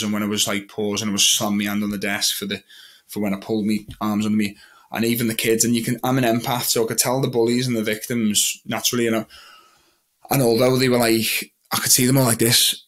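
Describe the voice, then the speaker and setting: A young man tells his personal story as an interview guest, in a low, fairly flat voice. He rambles, restarts sentences and slips into quoting what he thought and said. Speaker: guest, magician and mental health advocate.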